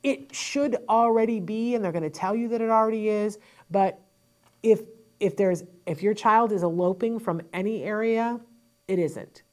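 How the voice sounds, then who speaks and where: A woman hosting a parent advice show, talking emphatically and quickly with frank asides into a studio microphone. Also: mid-range voice. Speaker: host and parent advocate.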